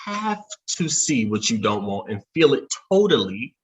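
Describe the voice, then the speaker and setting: A man's voice: medium pitch, very animated, moderate pace, slight background noise. A man who is a podcast guest, explaining his teaching in an emphatic way. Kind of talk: casual chat.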